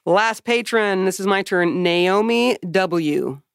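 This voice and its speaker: A woman's voice: medium pitch, takes it slowly, vocal fry, smooth, no room sound, studio quality. A woman co-hosting a podcast in casual, joking chat, swearing freely and laughing often. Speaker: podcast co-host.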